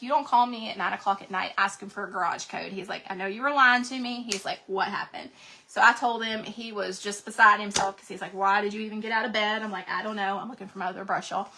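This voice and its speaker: A woman's voice: a little high, bright, forceful tone, slight background noise. A woman, chatting casually and folksily with her viewers while she crafts. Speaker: craft livestream host.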